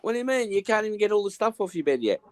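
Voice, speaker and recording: A man's voice: sits high, sing-song, very fast, no room sound, studio quality. A man joking around as a friend on a stream call. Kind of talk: casual banter.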